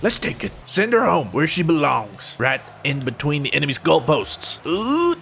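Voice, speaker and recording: A young man commentating his own gameplay, excitable and self-mocking, yelping and laughing at the plays. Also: on the high side, moderate pace, creaky, a little hiss or hum. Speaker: gaming YouTuber.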